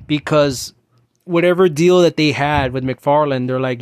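A man's voice: fairly high pitch, a little slow, clear, resonant tone, no room sound. Rambling, ranting man with a dry sound. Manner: rambling, ranting, with many restarts and fillers. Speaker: podcast host. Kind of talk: casual solo chat.

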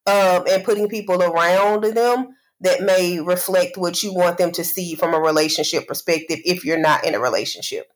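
A woman with a fairly low-pitched voice co-hosts a casual podcast, reflecting aloud in long, winding sentences packed with "you know." The recording quality is low.

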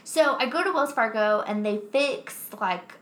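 A young woman telling a story in casual chat, animated, swearing often, laughing as she talks. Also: fairly high pitch, measured pace. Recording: roomy echo.

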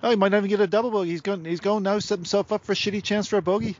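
A man voicing a crude, excitable sports commentator with a put-on loose Australian accent, calling play outdoors. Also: high voice, racing, highs cut off, voice pushed up. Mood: rowdy. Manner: profane, rowdy play-by-play. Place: outdoors beside a park golf course.

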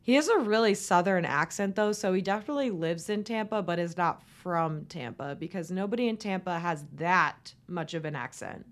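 A woman's voice: lowish voice, expressive, fairly quick, few pauses. A young woman from Florida hosting a solo recap podcast, chatty and sarcastic, with lots of "like" and "oh my God.". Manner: chatty, sarcastic, valley-girl fillers. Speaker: podcast host.

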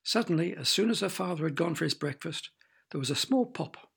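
A man narrating a children's storybook with expressive, playful sound effects. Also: fairly high pitch, fairly quick, vocal fry, husky.

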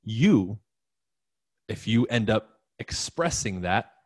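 A man with a fairly low voice gives a live-streamed coaching talk. He speaks bluntly and emphatically to his listeners, with the odd curse thrown in. The sound is dry, with no room echo. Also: lively intonation, slow, slightly rough. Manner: emphatic, profane, talks straight to the listener. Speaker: real estate coach.

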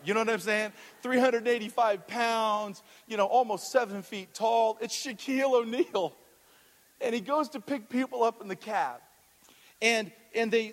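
A man preaching as pastor, telling stories and quizzing the congregation, often restarting his sentences. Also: sits high. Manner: storytelling with audience questions, frequent restarts. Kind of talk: sermon. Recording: long hall reverb.

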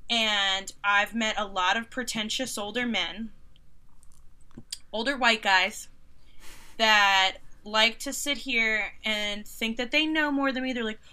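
A woman in her thirties, a concert photographer, telling stories in a casual interview with animated sarcasm and mocking quoted voices. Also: on the high side, slow, clear, resonant tone. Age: 30s.

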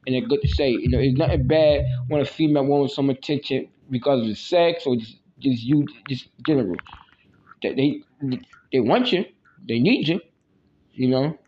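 A man's voice: fairly high pitch, a little mellow. A man hosting a solo podcast, talking bluntly and crudely with many restarts and repeats. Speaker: podcast host. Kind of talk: casual solo podcast monologue. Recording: dull lo-fi with faint hiss.

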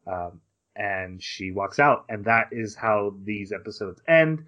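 A man hosting a casual podcast, retelling anime scenes in a lively way and acting out quick quotes from the characters. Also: lowish voice. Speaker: podcast host. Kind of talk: casual recap of an anime episode. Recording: slightly dull lo-fi podcast audio.

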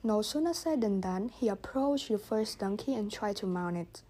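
A woman reading a children's story aloud, gently voicing the characters. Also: medium pitch, expressive, moderate pace. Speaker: audiobook reader. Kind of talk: storybook narration.

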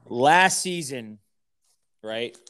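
A man's voice: mid-range voice, lively intonation, drawn-out words, a bit bright. A man hosting a podcast, blunt and pushy, swearing casually. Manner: blunt, swears, pushes guest to talk. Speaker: podcast host. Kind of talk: casual interview.

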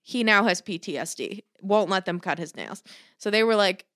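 A woman's voice: medium pitch, moderate pace, a bit bright, no room sound, studio quality. A young woman telling a rambling story in casual chat, full of "like" and swearing freely.

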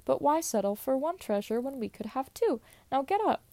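A woman voicing a cold, scheming older stepmother in a low, hushed tone while reading a folk tale aloud. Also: lively intonation, normal speed, no room sound. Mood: impatient.

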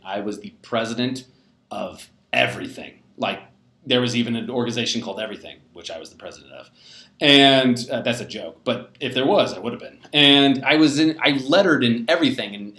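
A young American man with a medium-pitched, slightly bright voice hosts a live personality talk. He explains personality types casually, rambling and poking fun at himself, full of fillers and restarts. The room gives a noticeable echo.

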